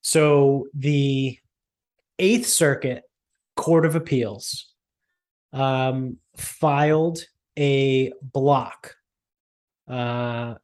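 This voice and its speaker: A man chats casually as a podcast co-host. He talks in a loose, joking way, swears freely and laughs easily, with a voice of ordinary pitch for a man. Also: fairly even intonation, very slow, pauses often, a little mellow. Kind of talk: casual chat.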